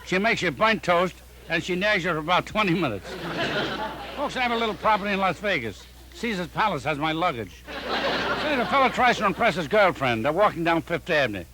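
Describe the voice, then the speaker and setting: An older male comedian rattling off one-liners in a punchy, deadpan joke-telling style. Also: high voice, crowd noise, background noise. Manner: punchy deadpan joke delivery with quick setups. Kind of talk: rapid-fire one-liner joke recording.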